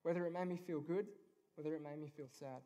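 Earnest young man, slightly high voice. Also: steady tone, fast talker, dark tone. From Australia. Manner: earnest, informal, with many ums. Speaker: youth event speaker. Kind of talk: personal faith talk. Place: event venue.

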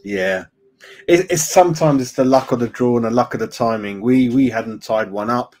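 A man's voice: medium pitch, moderate pace, darkish tone. A man hosting a casual fan live stream, chatting loosely, greeting viewers by name and saying "mate" a lot. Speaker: fan channel host.

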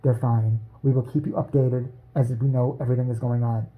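A man voicing a deadpan, weary woman producer who gives grim announcements in a flat, exasperated way. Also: mid-range voice, a little fast, phone-quality sound, voice pushed down, close to an everyday voice.

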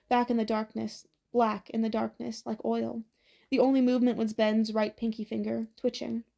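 A woman narrating an audiobook with a steady, even reading. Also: a little high, vocal fry.

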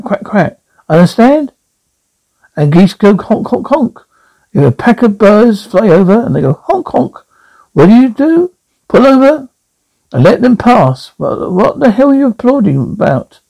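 A brash male ventriloquist comic rattles off insulting gags at his crowd, as a man acts him out. His pitch jumps about with a gravelly rasp underneath. The sound stays dark rather than bright, and his manner stays needling. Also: full character voice. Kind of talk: horror radio-play reading.

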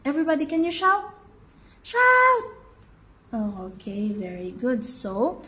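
A woman teaching a kindergarten English lesson online, in a slow, sing-song way with lots of repetition. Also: mid-range voice, darkish tone, slight background noise, low-quality recording. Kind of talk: online lesson for young children.

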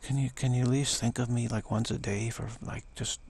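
A man voicing a meek saintly woman who plays a helpless little girl, apologetic and halting. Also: mid-range voice, steady tone, gravelly, a little mellow, husky. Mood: tearful.

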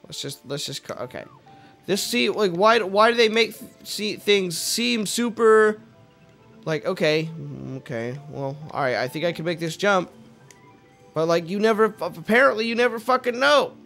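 Casting note: high-voiced male let's-play host, mutters then yells and swears at the game, faint music under the voice. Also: lively intonation, normal speed, vocal fry. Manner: swings from mumbling to frustrated shouting, swears freely. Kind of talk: casual gameplay commentary.

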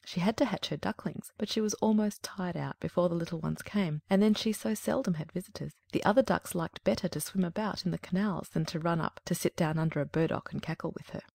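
A woman narrating a classic fairy tale in a calm, measured storybook reading. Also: on the low side, creaky, dry recording.

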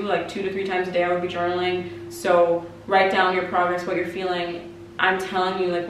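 A woman's voice: mid-range voice, a little hiss or hum. A woman in her twenties giving candid breakup advice in an emotional, confiding way, with frequent "like" and casual swearing. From Canada. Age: 20s. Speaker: vlogger. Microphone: compact camera mic. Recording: echoey room, somewhat far from the mic.

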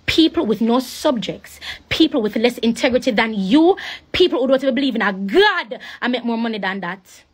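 A young woman with a Jamaican accent, livestreaming a rambling, preachy sales pitch for her network marketing business. She repeats herself and slips into patois. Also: animated, moderate pace, husky. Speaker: live streamer promoting a network marketing business. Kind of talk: casual live-stream sales pitch.

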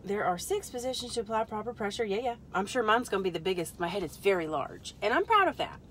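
A woman with a middle-range, slightly bright voice and lively intonation chats fast and loosely on a product-testing live stream from a parked car in a store lot. Her rambling includes joking asides to viewers and half-whispered muttering as she fits something into place, all over a faint hum.

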